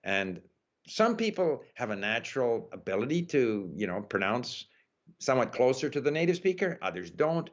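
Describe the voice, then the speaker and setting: Male interview guest, mid-pitched, relaxed and thoughtful, dull lo-fi audio. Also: normal speed. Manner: thoughtful, frequent "uh" and "you know". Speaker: interview guest, language learner. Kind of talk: relaxed conversational interview answers.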